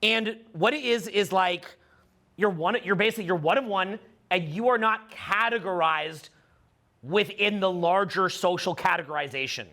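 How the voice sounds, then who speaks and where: Middle-aged man addressing a live audience, emphatic and repetitive, with a high, bright voice. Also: normal speed. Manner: emphatic, repeats phrases, many fillers. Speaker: dating coach speaking to a live audience. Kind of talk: animated seminar talk.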